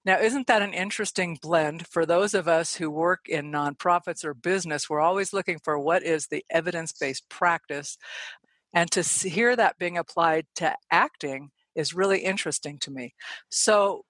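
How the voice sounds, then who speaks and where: Eager, fast-talking woman podcast host. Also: on the low side, fairly bright tone, no echo. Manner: enthusiastic, quick, admiring. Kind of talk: scripted guest introduction, then interview.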